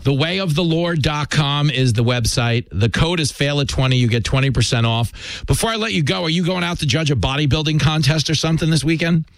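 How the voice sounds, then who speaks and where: A man hosting a talk radio show, chatting casually in a quick, joking, self-deprecating way. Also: a little high, dry recording.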